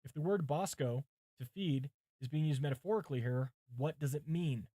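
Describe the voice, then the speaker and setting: A man's voice: a little high, normal speed, mellow, dry recording, clean studio sound. A male pastor preparing a sermon on a livestream, reading commentaries aloud, thinking aloud and chatting with viewers, with his mic set some way from him. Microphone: mic set far from him.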